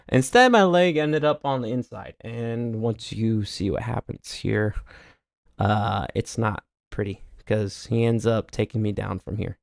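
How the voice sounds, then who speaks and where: A man streaming casual commentary as he reviews his own match footage, explaining each move step by step, muttering quietly on asides and turning loud and heated over his own mistakes. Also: gravelly, no room sound, clean studio sound. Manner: drops to a low mutter on asides.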